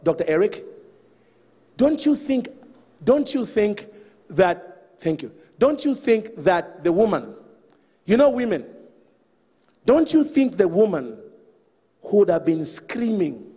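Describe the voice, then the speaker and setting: A man with a high, husky voice preaches a lively sermon and keeps calling out to his listeners. His words ring through a large hall with a long reverb. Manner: animated, calls out to the congregation.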